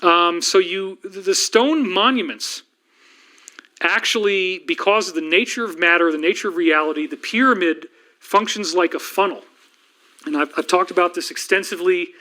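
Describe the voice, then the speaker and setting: A middle-aged man hosting a livestream, lecturing rapidly and rambling with frequent restarts. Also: high-pitched, pushed and bright. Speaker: livestream host and researcher. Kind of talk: fast-paced lecture livestream.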